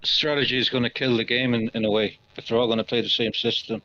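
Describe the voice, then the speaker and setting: A man in a casual stream chat, talking football tactics in a relaxed way. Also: mid-range voice, quick pace. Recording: slightly dull lo-fi sound.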